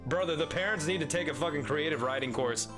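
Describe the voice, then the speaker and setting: A man's voice: a little high, fast, over music. A man casually commenting on a game he is playing for the first time, goofy and swearing freely. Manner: goofy, swearing, laughing, restless. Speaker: gaming video host.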